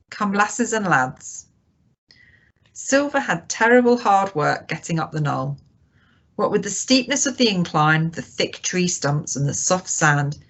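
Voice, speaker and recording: A woman reading a classic adventure novel aloud as scripted narration, expressive and lively. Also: lowish voice. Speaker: audiobook reader.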